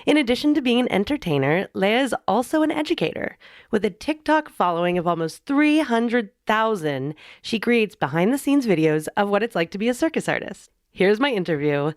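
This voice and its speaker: A woman's voice: medium pitch, sing-song, a little fast, no echo, clean studio sound. Upbeat, chatty woman podcast host. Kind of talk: podcast intro and interview.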